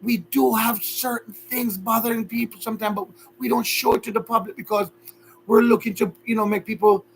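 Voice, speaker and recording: A man's voice: high voice, a little hiss or hum. A young man with a Jamaican accent, earnestly talking to his viewers in a rambling, emotional way. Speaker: vlogger. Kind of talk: casual heartfelt talk to viewers.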